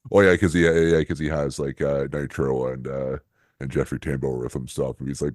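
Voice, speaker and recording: A man co-hosting a podcast in casual chat, rambling and laughing often, his voice jumping up when excited. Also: very deep voice, normal speed, dry recording, clean studio sound. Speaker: podcast co-host.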